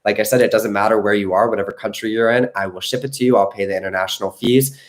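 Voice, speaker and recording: A man's voice: lowish voice, fairly even intonation, quick pace. Earnest man coaching on a live stream. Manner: earnest, reassuring, repeats "okay?". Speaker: manifestation coach.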